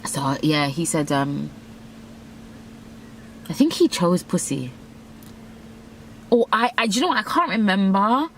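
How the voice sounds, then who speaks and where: A woman's voice: on the low side, expressive, a little slow, pauses often, slight background noise. A young woman telling a candid story, blunt, profane and self-mocking. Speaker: vlogger.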